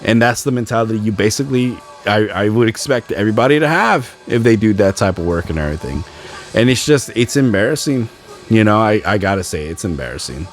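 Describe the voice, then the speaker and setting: Over soft background music, a young male podcast host rants by himself in a fairly low, animated voice at a slightly quick pace. He sounds frustrated and mimics other people's words mockingly.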